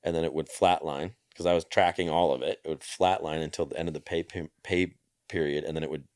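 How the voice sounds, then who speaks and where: A man's voice: extremely low pitch, fairly even intonation, fast, darkish tone, no room sound, clean studio sound. A man guesting on a podcast, talking loosely and rambling with plenty of fillers, casual swearing and easy laughs. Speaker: podcast guest, entertainer and skier. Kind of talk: casual interview chat.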